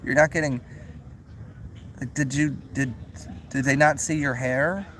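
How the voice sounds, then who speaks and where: A young man talks loosely on a livestream, reading comments aloud, restarting his sentences and breaking into laughter. His voice sits at an ordinary middle pitch. A faint hum runs under the recording. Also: fairly even intonation, unhurried, a bit bright. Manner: rambling, restarts, laughs often, swears. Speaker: livestream host.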